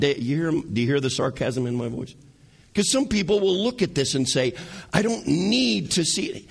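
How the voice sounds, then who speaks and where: A man preaching a sermon as pastor, animated, asking the congregation rhetorical questions and using sarcasm. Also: on the high side, moderate pace, gravelly, husky.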